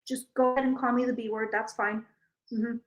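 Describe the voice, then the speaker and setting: A woman's voice: on the high side, brisk, roomy sound, close to an everyday voice, rough recording. A woman playing a blunt, unhelpful female insurance phone rep who keeps brushing off the caller. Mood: dismissive. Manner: flat, dismissive, repeating "yeah, no".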